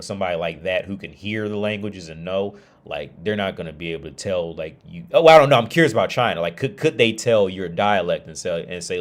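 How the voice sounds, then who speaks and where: An American man in a casual, rambling livestream monologue, swearing freely, laughing often and restarting his sentences. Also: low-pitched. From United States.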